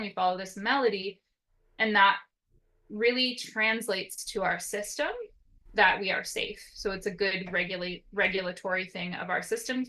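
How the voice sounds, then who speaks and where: A woman with a bright, forceful voice gives an educational talk as a therapist. Her intonation rises and falls freely as she explains step by step. She keeps checking in with her listeners with a quick "right?". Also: mid-range voice, rough recording. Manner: lively up-and-down intonation. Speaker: occupational therapist.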